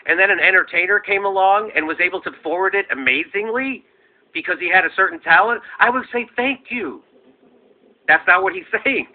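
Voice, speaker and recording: Lively high-voiced man, incredulous and profane. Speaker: comedian and show host. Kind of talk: commentary played as a clip. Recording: tinny phone-like audio.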